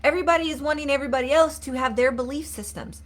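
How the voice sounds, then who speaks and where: A woman's voice: sits high, racing. A woman coach giving an earnest live-streamed motivational talk, repeating herself and asking viewers to comment. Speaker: mindset coach.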